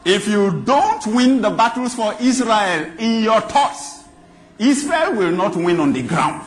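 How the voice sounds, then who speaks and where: A man's voice: high voice, animated, slow pace. A man preaching a sermon, emphatic and repeating phrases for stress.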